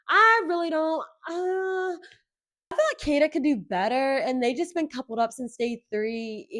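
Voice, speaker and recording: A young woman hosting her own podcast, talking casually in gossipy, animated rants. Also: fairly high pitch. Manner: animated, gossipy, quick rants with mimicked voices. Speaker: podcast host. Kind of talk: casual solo chat.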